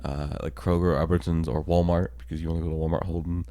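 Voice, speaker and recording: Deep-voiced man rambling on a podcast. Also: level tone, dark tone. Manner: rambling, halting, laughs often. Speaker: podcast co-host. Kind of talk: casual chat.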